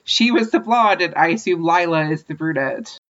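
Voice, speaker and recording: A woman's voice: fairly low pitch, moderate pace, fairly bright tone, dull audio. A woman co-hosting a podcast, chatting casually and animatedly about a book, laughing often. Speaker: podcast co-host. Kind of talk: casual chat recapping a book.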